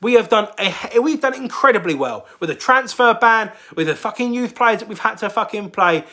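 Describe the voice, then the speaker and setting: A young man rants furiously to camera, swearing in almost every sentence. His voice sits high and comes across bright and sharp. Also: animated, normal speed, few pauses. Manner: heavy swearing, ranting. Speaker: football fan vlogger. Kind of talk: angry fan rant to camera.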